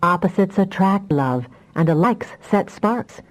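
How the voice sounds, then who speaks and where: A woman reading an audiobook voices a calm, affectionate husband who talks in a gentle, teasing way. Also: mid-range voice, measured pace, lightly acted, rough recording. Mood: gently teasing.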